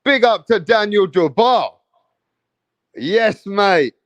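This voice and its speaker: A man's voice: high-pitched, lively intonation, slow pace, dry recording, muffled recording. A man from England hosting a live boxing stream, hyped and profane, repeating his points. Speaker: boxing channel host.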